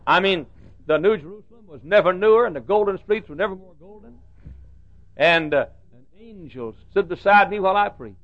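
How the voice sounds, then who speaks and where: A man's voice: high-pitched, expressive, fairly quick. An older man preaching a sermon with humorous storytelling and rhythmic repetition, in a muffled lo-fi recording.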